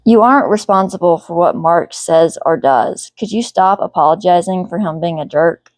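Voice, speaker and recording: A woman's voice: lowish voice, normal speed, a little mellow, no room sound, natural voice. A woman voicing a blunt, protective teenage brother who speaks firmly.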